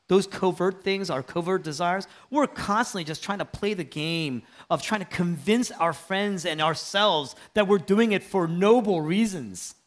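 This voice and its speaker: A male pastor preaching a sermon, swinging from loud, ringing calls to hushed, almost whispered lines. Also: fairly high pitch. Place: church sanctuary.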